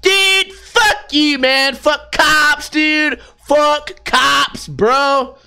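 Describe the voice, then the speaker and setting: A man voicing a defiant teenage boy skater who shouts profane taunts. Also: very high voice, extremely slow, creaky, voice pushed up, full character voice. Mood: taunting.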